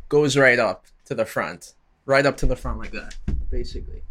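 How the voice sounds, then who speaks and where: Host, male, bright forward tone, chatty slangy video commentary. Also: mid-range voice, normal speed. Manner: slangy, chatty, animated asides.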